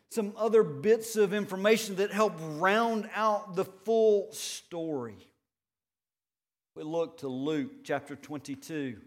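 A man preaching a sermon, earnest and measured, building points with rhetorical questions and repeated phrases. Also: sits high. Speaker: pastor.

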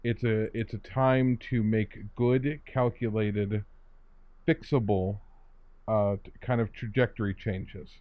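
A man in a casual discussion, talking in a reflective, measured way and often restarting his phrases. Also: fairly low pitch, steady tone, dry recording. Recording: dull dry lo-fi sound.

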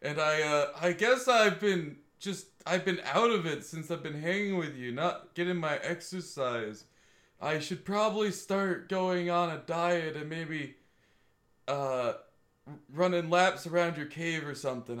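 A man's voice: on the high side, unhurried, fairly bright tone. A man playing a tabletop role-playing game, talking casually and hesitantly, often correcting himself. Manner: hesitant, rambling, self-correcting. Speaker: player.

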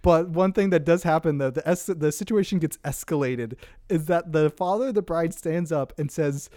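A man with a fairly high voice chatting about a film, recorded dry and close. He tells scenes in an animated way, swears freely, and throws in sports jokes. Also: moderate pace, no echo. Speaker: podcast co-host. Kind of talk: casual movie-review chat.

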